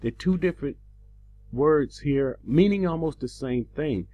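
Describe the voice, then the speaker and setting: A man delivering a teaching sermon, slow and emphatic, his pitch rising on the words he stresses. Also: expressive, mellow. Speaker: preacher.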